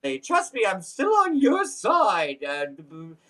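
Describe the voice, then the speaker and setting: A man hosting a casual chat recap of a reality show, joking and animated. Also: high voice. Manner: jokey, animated, quick apologies and silly exclamations. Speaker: show host.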